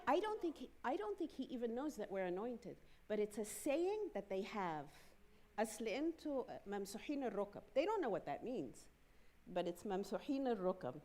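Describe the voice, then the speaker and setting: A woman speaking at a church women's day, telling stories in a lively way and acting out the voices of the people she quotes. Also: medium pitch. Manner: lively storyteller who acts out quoted voices. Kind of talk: storytelling talk.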